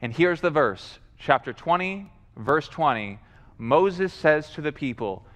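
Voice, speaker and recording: A man preaching a sermon in a lively, animated way, acting out voices and repeating himself as he builds a point. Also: on the high side, unhurried. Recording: long hall reverb.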